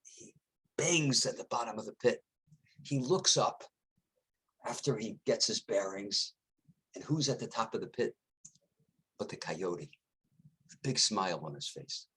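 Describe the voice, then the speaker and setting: Husky, lively-voiced rabbi telling a parable. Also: male voice, on the low side, a little slow, long pauses. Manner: expressive storyteller. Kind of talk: short sermon.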